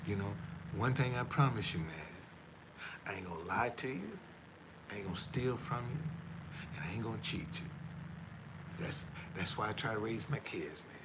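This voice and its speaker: A man's voice: on the low side, sing-song, moderate pace, pauses often, heavy background noise. A middle-aged man chatting casually on a livestream, rambling and repeating himself, tagging his lines with "man" and earnestly preaching about honesty. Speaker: tour guide and former van driver.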